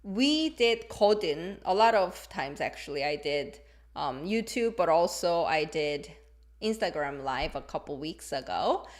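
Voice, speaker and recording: A woman teaching a live-streamed lesson, her pitch bouncing up and down as she explains. She talks in a playful, expressive way and exaggerates her examples to make each point land. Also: unhurried. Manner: demonstrates intonation with exaggerated examples. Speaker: language teacher.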